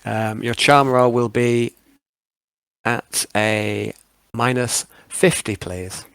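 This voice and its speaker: A man's voice: mid-range voice, fairly even intonation, extremely slow, gravelly, a bit bright, clean tone, no echo. A man narrating a tabletop game as game master, with frequent hesitant ums.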